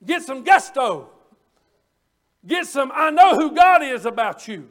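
A man's voice: very high voice, big pitch swings, unhurried. A male preacher giving a fervent midweek sermon, often rising into hollering and repeating phrases for emphasis.

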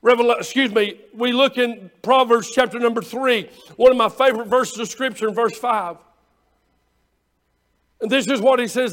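A man's voice: extremely high pitch, normal speed, fairly bright tone. A male pastor preaching a sermon, quoting scripture in old-fashioned wording and repeating phrases for emphasis.

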